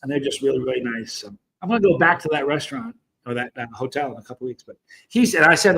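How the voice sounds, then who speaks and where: A man's voice: mid-range voice, expressive, fast talker, vocal fry, sharp tone, low-quality recording. A man in his fifties from the United States, hosting a casual livestream and rambling through stories while greeting viewers by name. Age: 50s. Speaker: host of a chili channel.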